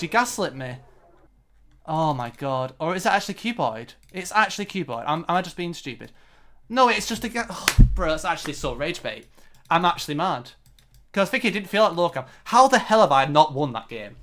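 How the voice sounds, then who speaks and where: A man's voice: a little high, sing-song, fairly quick, fairly bright tone. A man giving live commentary on his own competitive game, frustrated and self-critical. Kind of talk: live-streamed match commentary.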